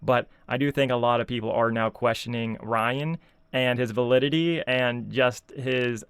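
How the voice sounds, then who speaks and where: A man's voice: medium pitch, steady tone, moderate pace, smooth, no room sound. A man ranting casually as a video commentator, sarcastic and exasperated, full of filler words. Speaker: YouTube commentator.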